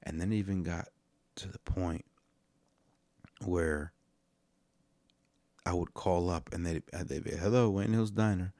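A man with a low voice hosts his podcast, rambling and cursing his way through comic commentary. He is recorded close and dry, with no room sound around him. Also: a little slow, pauses often, no echo. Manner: rambling, profane, animated storyteller. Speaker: podcast host reacting to videos. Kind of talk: casual comedic commentary.

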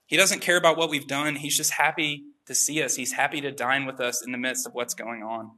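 A man's voice: medium pitch, pushed and bright. A young adult man preaching a casual sermon, telling a personal story with many fillers and asides. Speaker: pastor.

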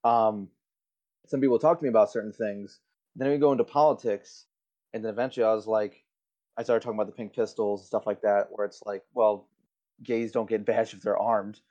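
A man with a slightly low voice trades crude, deadpan jokes as a podcast co-host. His mic sounds dull and lo-fi, with the top end rolled off. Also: fast. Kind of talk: casual profane podcast chat.

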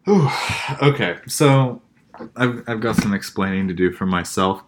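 A young man co-hosting a casual movie chat, relaxed and a little hesitant. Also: on the low side, unhurried, noisy background. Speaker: podcast co-host.

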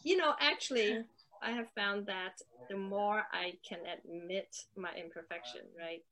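A woman's voice: mid-range voice, measured pace, pushed and bright, poor audio. A woman speaking thoughtfully in a casual faith talk.

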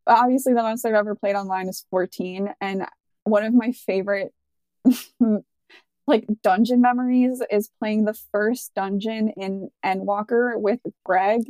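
A woman's voice: a little high, a little mellow, no echo. A young adult woman co-hosting a casual gaming podcast, telling stories in a chatty, laughing way. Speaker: podcast co-host. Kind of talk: casual chat.

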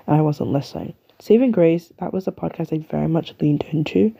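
A woman's voice: sits low, fairly quick, gravelly, warm tone, husky. A young woman from the UK with an English accent, chatting and rambling through her solo podcast in a self-mocking way. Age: young adult. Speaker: podcast host. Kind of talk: casual solo podcast chat.

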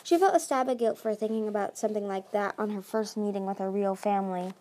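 A woman reading a fantasy novel aloud, slowly and haltingly, with frequent restarts. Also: medium pitch, dark tone. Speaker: audiobook reader. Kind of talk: amateur audiobook narration.

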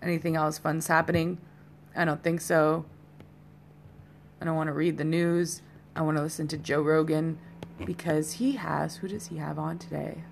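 Woman, low voice, rambling podcast host, casual chat, a little tipsy, faint hum behind. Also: fairly even intonation, normal speed, gravelly. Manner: rambling, chatty, talks straight to listeners.

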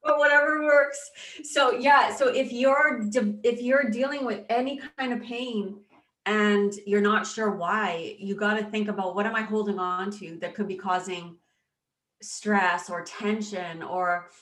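A woman guest in an interview, speaking haltingly and choked up, with many restarts. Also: medium pitch, steady tone, fairly bright tone, reverberant. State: choked up with emotion. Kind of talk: emotional personal interview.

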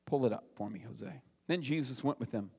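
A young adult pastor preaching a casual, conversational sermon full of rhetorical questions, rising in voice for emphasis. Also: male voice, mid-range voice, brisk, darkish tone, slightly rough.

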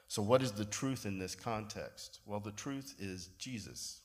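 A pastor, giving a sermon in a relaxed storytelling way with self-deprecating humor. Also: male voice, lowish voice, measured pace, few pauses.

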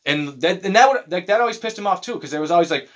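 Bright, profane man telling animated stories. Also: sits high, quick pace. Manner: profane, animated storytelling with mocking voices. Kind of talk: casual chat.

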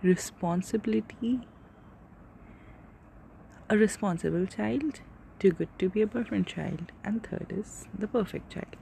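A woman's voice: mid-range voice, measured pace, creaky, pauses often, mellow, a little hiss or hum. A young woman in her twenties hosting a casual solo podcast, rambling and swearing freely as she corrects herself. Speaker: podcast host.

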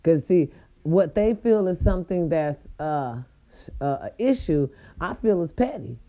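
A woman hosting a podcast, telling a story in a casual, sassy way and swooping her voice up high for emphasis. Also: animated, measured pace, lo-fi sound. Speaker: podcast host.

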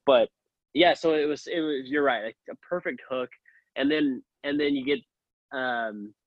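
A man's voice: mid-range voice, unhurried, dry recording. Dry-humored man on a dull lo-fi mic. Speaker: podcast co-host. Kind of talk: casual chat.

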